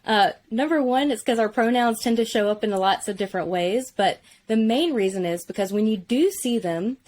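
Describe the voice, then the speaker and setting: A woman teaching Biblical Hebrew in a relaxed conversational way, enthusiastic and explanatory, often saying "like". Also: fairly high pitch, normal speed.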